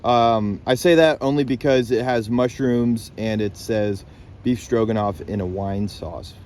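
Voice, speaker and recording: A man's voice: medium pitch, a little slow, darkish tone, slight background noise. A young man rambling casually into his phone while camping alone on a lake island, loose and laid-back, with some swearing. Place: outdoors on a lake island, in a tent and by a campfire. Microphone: handheld phone camera.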